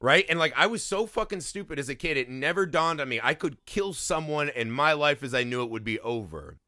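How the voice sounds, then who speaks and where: A man's voice: on the high side, a little fast, no echo, clean studio sound. A man from Indiana in casual podcast chat, telling stories animatedly with lots of swearing and laughter. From Indiana, USA. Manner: profane, animated storytelling with frequent laughs. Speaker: podcast co-host.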